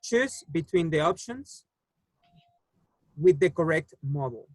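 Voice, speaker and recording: A man who speaks natively leads an English lesson with a patient, unhurried manner, pausing on fillers as he walks his students through the answers. His voice sits a little high for a man. The recording is close and dry, with no room echo. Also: expressive. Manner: patient, explains slowly with many fillers. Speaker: English teacher. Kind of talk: online class teaching.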